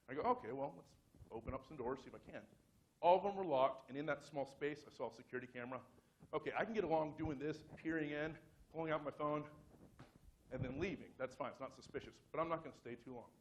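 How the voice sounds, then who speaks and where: A man's voice: mid-range voice, a little hiss or hum. Chatty man telling a story on stage. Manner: casual, rambling, many fillers and restarts; self-mocking humor, laughs at own story. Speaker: conference speaker. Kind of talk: live storytelling talk.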